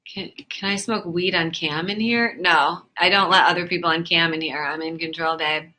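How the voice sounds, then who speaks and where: A woman's voice: on the low side, steady tone, moderate pace, pushed and bright. A woman hosting a live webcam chat room, reading out viewer comments in a chatty, flirty, easily flustered way. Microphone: phone or webcam mic.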